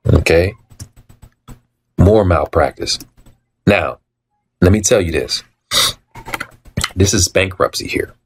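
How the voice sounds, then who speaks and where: A man telling his story in a casual monologue, repeating himself for emphasis, acting out quoted dialogue and often clearing his throat. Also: low-pitched, animated, takes it slowly, pauses often.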